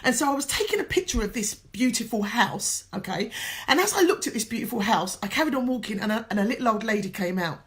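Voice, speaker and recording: A woman from England speaks as a life coach, sharing a motivational story in an earnest, emotional way. She sounds tearful at times, with a voice pitched a little high. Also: lively intonation, quick pace. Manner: emotional, earnest, tells a story with quoted dialogue.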